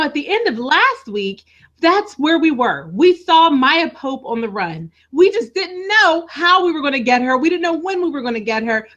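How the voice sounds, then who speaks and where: A woman's voice: high-pitched, a bit bright, muffled recording. A woman co-hosting a live TV recap, talking enthusiastically and addressing her co-host again and again.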